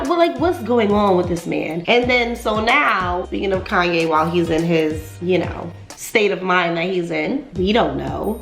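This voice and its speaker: A woman's voice: fairly low pitch, creaky, echoey room. A woman hosting celebrity gossip commentary in a sassy, incredulous, casual way, cursing freely and laughing often.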